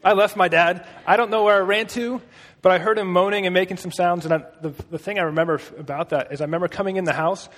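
A man's voice: high voice, fairly even intonation, fast, fairly bright tone, in a large hall. A man preaching a casual, storytelling sermon with a conversational manner and joking asides.

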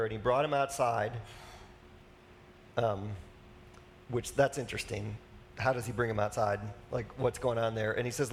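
A man's voice: medium pitch, normal speed, a little hiss or hum. Chatty male pastor preaching casually. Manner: casual, chatty, with asides and fillers. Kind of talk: conversational sermon.

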